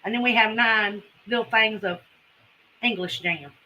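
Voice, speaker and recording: A woman's voice: fairly high pitch, a little slow, bright, forceful tone, muffled recording, a little hiss or hum. A woman with a Southern US accent, chatting folksily with viewers as a homesteading livestream host. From Carolinas, US. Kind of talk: casual livestream chat with viewers.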